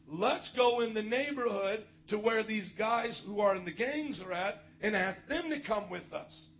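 High-voiced pastor telling lively stories. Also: male voice, dull audio. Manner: animated, joking, often laughs mid-story. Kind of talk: sermon storytelling.

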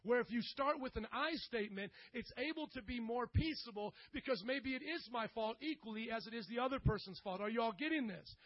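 A middle-aged man preaching a sermon to a congregation, animated and joking, rising now and then to loud bursts. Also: very high-pitched, fairly quick, hardly any pauses, no room sound, dull audio. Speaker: pastor.

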